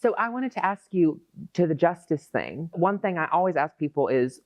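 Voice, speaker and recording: A woman's voice: lowish voice, big pitch swings, normal speed, a little mellow, dry recording, muffled recording. A woman hosting a podcast, chatty and playful with rambling asides. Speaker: podcast host. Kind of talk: casual podcast interview.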